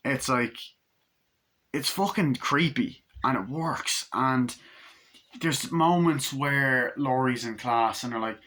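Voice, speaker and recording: A man's voice: mid-range voice, takes it slowly, bright, forceful tone. A man giving a casual, rambling movie review, full of "like" and fillers, acting out scenes as he goes. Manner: rambling, filler-heavy retelling that acts out scenes.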